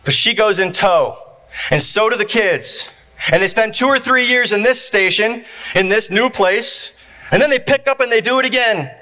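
A man preaching a sermon to his congregation, building points through repeated phrases and dramatic pauses. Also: high-pitched, sharp tone. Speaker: pastor. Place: church.

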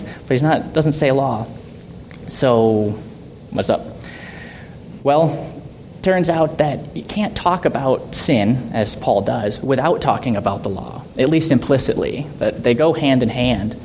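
Guy teaching bible study, chatty, rhetorical questions, muffled lo-fi audio w/ a little rumble. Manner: conversational, with soft laughs and rhetorical questions. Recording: dull lo-fi sound with faint rumble.

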